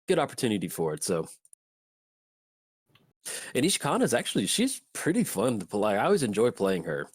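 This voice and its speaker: A man's voice: on the low side, wildly swooping pitch, fairly quick, pauses often, husky, no echo. Male host, card game night, cheerful and giggly, dry close mic. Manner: upbeat, laughs often. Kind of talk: casual chat while playing a card game.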